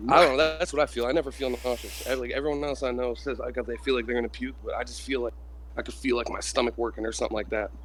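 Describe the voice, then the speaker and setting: A man's voice: mid-range voice, fairly even intonation, fast, a bit bright. Young guy rambling thru a trip story, says "like" constantly, bit of faint hiss behind. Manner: rambling, heavy use of "like" and swearing. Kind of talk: casual trip story in group voice chat.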